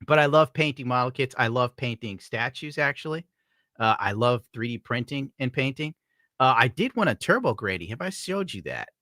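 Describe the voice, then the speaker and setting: Dude streamer reading tips, cussing and rambling, bright voice, dead dry room. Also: male voice, medium pitch, animated, normal speed, dry recording. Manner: profane, rambling, jokey. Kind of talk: casual live-stream chat.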